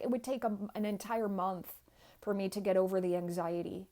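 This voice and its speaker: A woman's voice: mid-range voice, little pitch movement, a little fast, dark tone. A woman giving an earnest, inspirational personal talk as a guest, speaking straight to the viewers.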